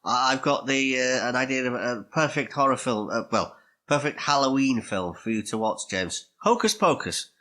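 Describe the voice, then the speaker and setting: A man's voice: mid-range voice, animated, normal speed, bright, forceful tone. A man co-hosting a podcast, chatting agreeably and asking the others questions. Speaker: podcast co-host. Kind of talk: casual chat.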